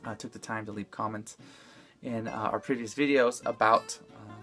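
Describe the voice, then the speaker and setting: A man's voice: lowish voice, fairly even intonation, normal speed, pushed and bright, soft background music. A man co-hosting a casual chat, easygoing and a little rambling, with frequent filler words. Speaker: co-host.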